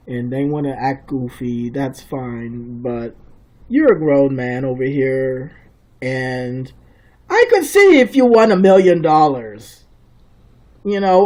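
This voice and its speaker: A man's voice: on the high side, a little mellow. A man ranting sarcastically in a comedic video commentary. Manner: ranting, mocking.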